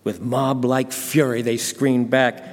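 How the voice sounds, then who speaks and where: A man's voice: medium pitch, flat delivery, takes it slowly. Dramatic male Bible storyteller. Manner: dramatic, intense. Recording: long hall reverb.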